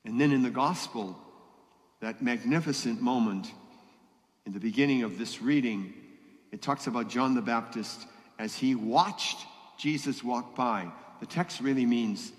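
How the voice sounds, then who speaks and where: Older priest in echoing church. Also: male voice, mid-range voice, unhurried. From Boston area. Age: 70s. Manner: conversational, rhetorical questions to the congregation. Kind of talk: homily at Mass. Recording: long church reverb.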